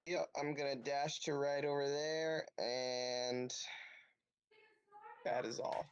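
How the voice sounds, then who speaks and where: A man's voice: mid-range voice, little pitch movement, takes it slowly, clean tone, highs cut off. A man playing a tabletop game, asking hesitant questions about how far his character can move. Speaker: player. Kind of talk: casual tabletop play.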